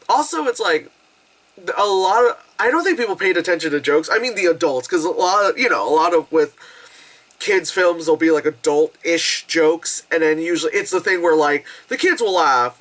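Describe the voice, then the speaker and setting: A young adult woman chatting casually through a movie review, animated and giggly, swearing freely and acting out squealing quotes. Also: low voice.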